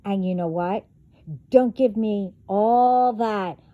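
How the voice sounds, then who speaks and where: A woman's voice: medium pitch, slow, dry recording, phone-quality sound. A woman vlogger delivering a profane, confrontational rant straight to her viewers. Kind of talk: angry rant to camera.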